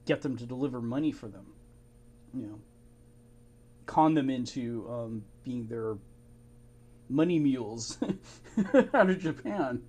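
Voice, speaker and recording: A man's voice: medium pitch, moderate pace, pauses often, darkish tone. A man casually reading and retelling old documents, with informal asides and chuckles. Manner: informal, chuckling asides, fillers like "you know". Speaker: amateur history narrator. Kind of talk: casual narration of archive documents.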